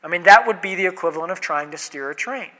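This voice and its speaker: High, bright-voiced preacher in a hall. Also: male voice, lively intonation, fast. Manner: conversational preaching, rhetorical questions, quoted voices. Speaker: pastor. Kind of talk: sermon. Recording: long hall reverb.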